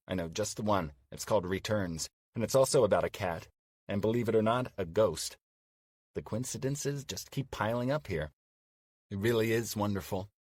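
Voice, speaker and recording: An actor playing a man in his forties who flirts by email, read warmly and playfully as an audiobook drama. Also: on the low side, no room sound, studio quality. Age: 40s.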